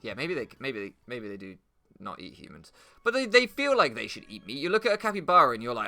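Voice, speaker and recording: British lets-play guy, young, crude sarcastic rambling, sharp bright tone, lively pitch, game music behind. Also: fast. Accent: British English. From England. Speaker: gaming commentator. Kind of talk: rambling commentary over gameplay.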